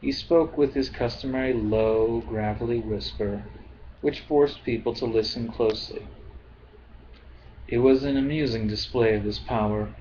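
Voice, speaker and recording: Man reading a novel aloud, amateur reader, very slow, calm, dull lo-fi recording, faint hiss. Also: mid-range voice. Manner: slow, calm, apologetic about his accents.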